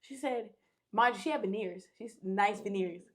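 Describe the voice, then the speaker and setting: At a normal speed and mid-range pitch, a young woman appearing on a podcast tells a story casually and slangily, cursing heavily and shouting in loud bursts.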